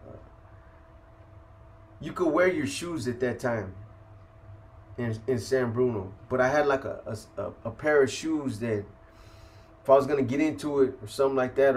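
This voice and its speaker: A man from San Francisco telling a prison story in casual, profane street slang, full of "you know" and "man". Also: medium pitch. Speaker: host telling prison stories.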